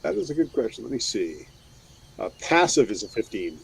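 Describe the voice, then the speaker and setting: A man's voice: fairly low pitch, big pitch swings, normal speed, vocal fry, slight background noise. A man playing in a tabletop game, explaining his reasoning with some ums. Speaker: player. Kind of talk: tabletop roleplaying chat.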